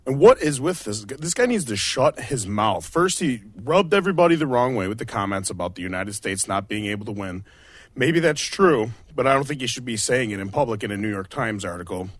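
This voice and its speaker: A man's voice: mid-range voice, expressive, a little fast. A man co-hosting sports radio, delivering an indignant, emphatic rant. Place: radio studio.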